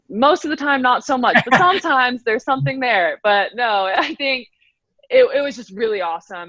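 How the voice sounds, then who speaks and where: Here a bubbly pro swimmer in her 20s talks casually as an interview guest, cheerful, laughing a lot and full of fillers. Her voice is medium-pitched and a bit bright, captured in a dry, slightly dull recording.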